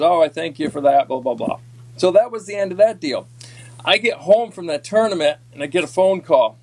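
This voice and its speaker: A man, a former tournament angler, telling a long, rambling story in a casual podcast chat, folksy and full of ums. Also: mid-range voice. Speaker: podcast guest, former walleye tour pro.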